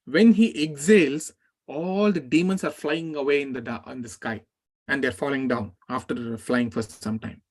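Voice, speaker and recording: A man who teaches a scripture class, retelling an epic in a lively way and speaking the characters' words aloud. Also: medium pitch, normal speed.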